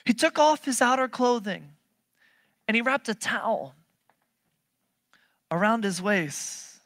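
A preacher giving a sermon, animated and emphatic, firing off rhetorical questions and swinging between loud bursts and low, quiet passages. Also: takes it slowly, no room sound.

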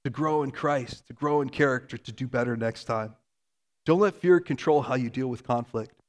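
A man's voice: medium pitch, moderate pace. A man preaching a sermon as a pastor, earnest and conversational, with casual asides.

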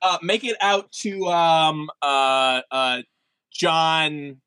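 A man's voice: a little high, steady tone, extremely slow, sharp tone, smooth, no echo. Give me a playful, rambling man as a role-play player, dry close sound. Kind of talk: improvised tabletop role-play.

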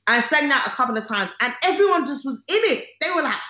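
In a casual conversation, a gospel singer tells a lively, animated story, acting out the voices of the people in it. The voice sits high and moves fast, and the recording sounds roomy and slightly dull.

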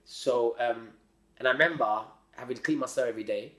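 A man telling his story as a podcast guest in a slangy, rambling, animated way. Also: mid-range voice, brisk. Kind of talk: casual storytelling. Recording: roomy echo.

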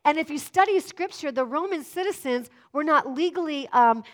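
A middle-aged woman preaching a sermon, lively and often asking the congregation questions. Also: high-pitched, moderate pace.

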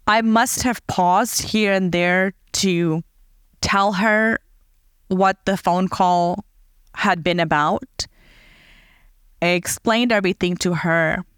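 Woman, podcast host, reflective storytelling, heartfelt, measured slow delivery, smooth clear voice. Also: on the low side, no room sound, clean studio sound. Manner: earnest, heartfelt, unhurried.

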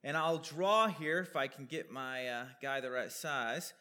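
A man's voice: mid-range voice, unhurried, bright, forceful tone. A man preaching a sermon, explaining a Bible passage over slides in a conversational way, with questions and asides.

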